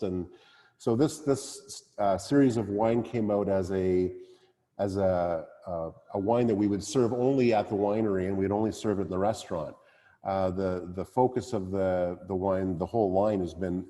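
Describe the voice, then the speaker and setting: Male winemaker, mellow low voice, hesitant casual talk, long reverb around him. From Canada. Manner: hesitant, many fillers and restarts. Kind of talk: casual talk at a virtual wine tasting.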